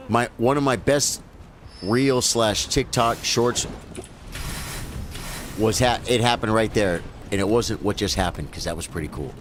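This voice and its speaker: A man streaming live gameplay, chatting casually and breaking into loud, excited yelps during fights. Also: on the low side, a little hiss or hum. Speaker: game streamer.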